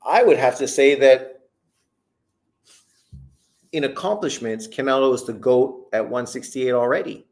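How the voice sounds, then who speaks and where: A man's voice: medium pitch, measured pace, long pauses, a little mellow. A man from Canada hosting a casual live stream, talking bluntly and profanely while giving opinions and reading out viewer comments. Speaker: host.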